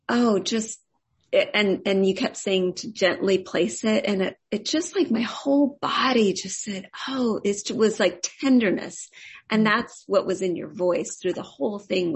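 Slow, gravelly, husky woman gushing. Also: mid-range voice. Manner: gushing, halting, repeats herself. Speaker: meditation group participant. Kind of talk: heartfelt casual feedback.

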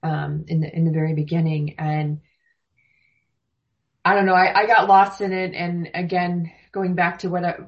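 Low-voiced woman rambling on dull audio. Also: flat delivery, normal speed. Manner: rambling, many restarts, moved. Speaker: meditation group participant. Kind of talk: emotional casual feedback.

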